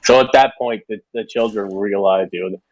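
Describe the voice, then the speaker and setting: A man's voice: lowish voice, normal speed, no room sound, poor audio. A man running a tabletop game as game master, hesitant and repeating words.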